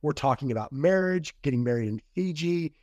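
A man's voice: fairly high pitch, lively intonation, fairly quick, a little mellow, dry recording, lo-fi sound. A man telling the story of a past relationship in a casual interview, rambling, restarting and quoting what was said. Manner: rambling retelling with quoted dialogue and restarts. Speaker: podcast guest.

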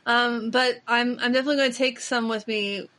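A woman's voice: on the high side, steady tone, a little fast, pushed and bright. A woman co-hosting a podcast in casual chat, rambling with frequent restarts and fillers. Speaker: podcast co-host.

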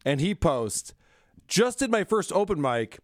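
Jokey sarcastic guy on a podcast, highish voice, bouncy, dry close mic. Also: big pitch swings, a little slow, no room sound. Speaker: podcast co-host. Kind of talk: casual comedic chat.

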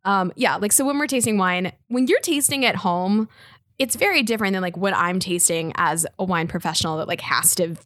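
A woman's voice: mid-range voice, brisk, fairly bright tone, no echo. Chatty woman sommelier, dry close sound. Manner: chatty and laughing, full of fillers. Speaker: sommelier guest. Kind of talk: casual explaining.

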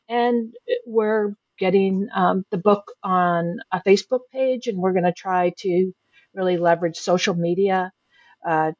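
A woman co-author answering in an interview, explaining things deliberately with fillers. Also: medium pitch, a little mellow, no echo, muffled recording. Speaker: book co-author.

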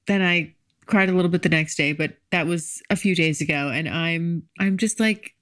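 A woman's voice: on the low side, moderate pace, fairly bright tone. A young woman from California hosting a podcast from home, chatting casually and confessionally with lots of laughs and fillers. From California, USA. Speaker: podcast host.

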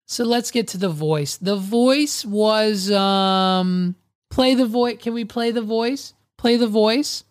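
A woman's voice: mid-range voice, slow, no room sound. A woman hosts a podcast in a loose, rambling chat, often trailing off and restarting her sentences. She takes her time over each phrase, and her voice sits close and dry with no room sound. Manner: rambling, loose and profane, many fillers and restarts. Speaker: podcast host. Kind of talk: casual chat.

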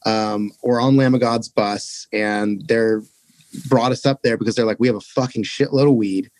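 A man's voice: lowish voice, fairly even intonation, normal speed, darkish tone, no room sound. A young man casually telling a rambling, profane touring story as a podcast guest.

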